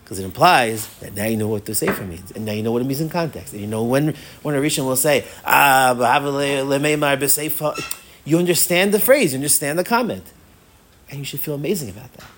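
A man's voice: mid-range voice, animated, quick pace, fairly bright tone, a little hiss or hum. A man teaching a Torah class as a rabbi, with playful, self-mocking humor and words he often repeats as he thinks aloud. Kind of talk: animated Torah lecture.

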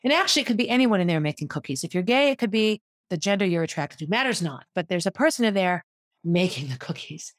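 A woman's voice: lowish voice, lively intonation, fast talker, no room sound, clean studio sound. A woman, a former teacher, telling a personal story in a vivid, descriptive way that walks listeners through a scene.

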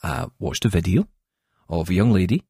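A man with a Scottish accent, chatting on a podcast in a self-mocking, animated way. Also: sits low, normal speed, breathy edge, no echo, clean studio sound. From Scotland. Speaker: podcast co-host. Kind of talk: casual chat.

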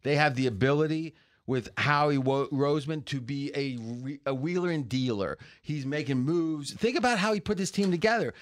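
A man's voice: on the high side, a bit bright, no echo. A man talking football as a guest analyst, arguing his points animatedly and restarting sentences as he thinks aloud. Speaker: sports betting analyst guest. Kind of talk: casual sports talk.

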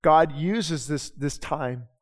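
A man preaching a sermon as pastor, talking conversationally with quick asides and rhetorical questions to his congregation. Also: a little high. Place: church sanctuary. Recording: long reverb of a church hall.

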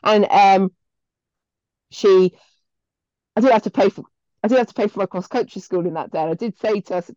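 A woman's voice: mid-range voice, a little fast, long pauses, mellow, no echo, lo-fi sound. A woman co-hosting a podcast, telling stories in a chatty, sweary way with laughs mid-story. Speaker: podcast co-host. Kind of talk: casual chat.

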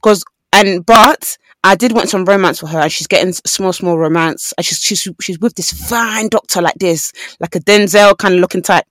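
A woman's voice: medium pitch, moderate pace, few pauses, no room sound. A young woman, chatting casually as a podcast co-host and telling stories with acted-out quotes. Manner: animated storytelling with voiced quotes. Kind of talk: casual chat.

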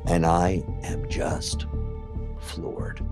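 A middle-aged man giving an emotional personal testimony as an interviewee, blunt and profane, halting often with fillers. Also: deep voice, level tone, gravelly, over music.

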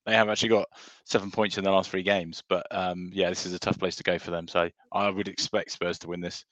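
A man co-hosting a podcast, talking in a brisk, emphatic, chatty way. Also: low voice, flat delivery, fairly bright tone, no room sound. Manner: brisk, emphatic, rhetorical asides. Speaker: podcast co-host. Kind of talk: casual chat.

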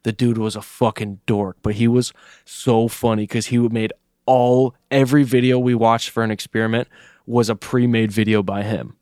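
A man's voice: medium pitch, fairly even intonation, normal speed, darkish tone, no room sound, clean studio sound. A young man co-hosting a podcast, telling a rambling story in casual chat and swearing freely. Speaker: podcast co-host.

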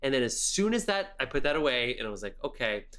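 A young man co-hosting a movie review podcast talks fast at a medium pitch. He rants animatedly about the film, swearing a lot and mocking lines with exaggerated quotes.

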